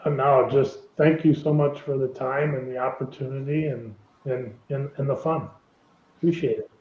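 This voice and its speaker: A man's voice: mid-range voice, steady tone, moderate pace, roomy sound, lo-fi sound, a little hiss or hum. A man in sales, a guest on a webinar, answering casually on a video call and often stumbling over repeated words.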